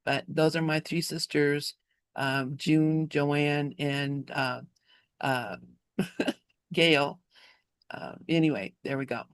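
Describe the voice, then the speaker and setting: A woman telling a personal story to an online group in a halting way, with frequent restarts. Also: low-pitched, fairly even intonation, clear, resonant tone, dry recording. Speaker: participant sharing a story.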